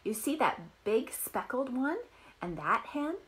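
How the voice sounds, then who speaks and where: A woman voicing a kind, hearty farm woman with a motherly, firm but gentle way of talking. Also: a little high, big pitch swings, unhurried, pitched above the performer's own voice, poor audio. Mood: kindly.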